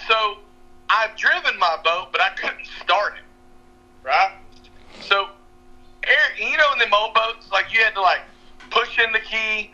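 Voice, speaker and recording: A young man with a drawl tells a fishing story over a call, laughing as he goes. His high voice is pushed and bright, unhurried, with long pauses. He's a fishing guide who often appears on podcasts, and the muffled audio sounds like a phone line.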